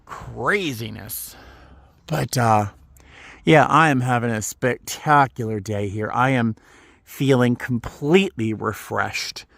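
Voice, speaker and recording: A man's voice: mid-range voice, slow pace, gravelly, a bit bright, dry recording. A man chatting casually as he walks and films outdoors on a desert boardwalk, easily delighted and exclaiming often. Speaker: vlogger. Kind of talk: casual walking vlog.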